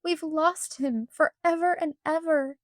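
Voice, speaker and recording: Woman reader doing an excitable young girl, very high and whiny, dry sound. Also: a little slow, dry recording. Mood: wailing. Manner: whiny, easily flustered. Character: excitable whiny ten-year-old girl.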